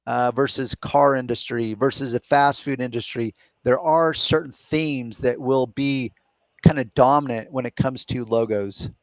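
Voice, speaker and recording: A man's voice: mid-range voice, a little slow, no echo. Man explaining at length, dry sound. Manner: explains step by step, reasoning aloud. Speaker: podcast host. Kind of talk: casual live Q&A chat.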